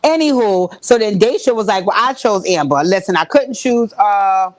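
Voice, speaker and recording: A woman recapping a reality show in casual, profane, animated chat, talking straight to her viewers. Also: mid-range voice, moderate pace, no room sound.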